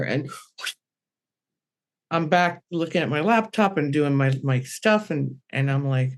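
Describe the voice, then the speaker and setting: A woman medium telling a personal story on a podcast panel, rambling and animated, acting out the quotes. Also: low voice, unhurried, pauses often.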